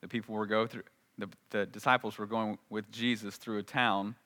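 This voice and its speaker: Bright-voiced animated male preacher. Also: lowish voice, moderate pace. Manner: animated preaching with acted-out quotes and rhetorical questions. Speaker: pastor. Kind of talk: sermon.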